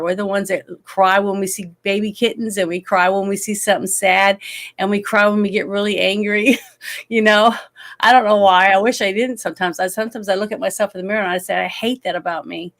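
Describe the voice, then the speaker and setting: Chatty woman with a gravelly edge, gets emotional, rambles on about a film. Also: mid-range voice, fairly bright tone. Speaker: guest. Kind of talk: casual movie chat.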